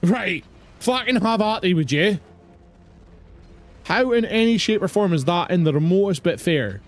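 A man's voice: high voice, expressive, moderate pace, soft background music. A man with a British accent doing live gameplay commentary, swearing and ranting at the game in exasperation. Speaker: streamer.

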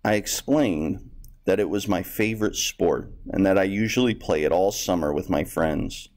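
A man's voice: low-pitched, normal speed, darkish tone. A male teacher reading a textbook story aloud to students and explaining vocabulary in a plain, explanatory way.

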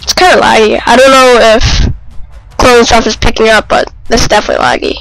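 A man giving casual, excitable, self-mocking commentary while playing a video game. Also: very high-pitched, a little fast, no echo, faint music behind, low-quality recording. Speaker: let's play gamer.

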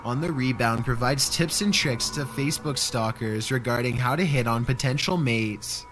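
A man's voice: mid-range voice, a bit bright. Dry, sarcastic male list narrator. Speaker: narrator of a countdown video. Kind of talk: scripted narration.

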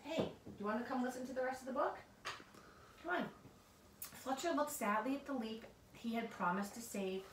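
A woman reading a picture book aloud to a child in an expressive way, with asides to the listener, recorded far off in an echoey room with noise. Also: fairly high pitch. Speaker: storybook reader.

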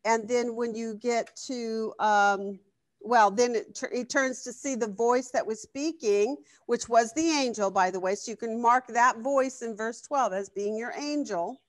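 A woman leads a live Bible study class, reading verses aloud and turning to the class with questions. Her voice sits fairly high and sounds dry and close. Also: unhurried, dry recording. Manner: conversational, asks the class questions, reads scripture aloud.

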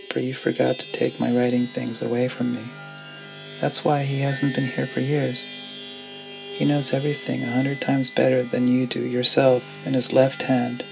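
A man's voice: medium pitch, creaky, natural voice, rough recording. A man voicing a scornful, domineering old father who mocks and accuses his son, with music underneath. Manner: mocking, harsh, accusing.

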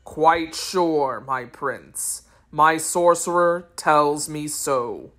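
A woman's voice: low-pitched, a bit bright, pitched below the performer's own voice, heavily acted. A woman doing a stern, cold male sorcerer. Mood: submissive. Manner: slow, stern and accusing.

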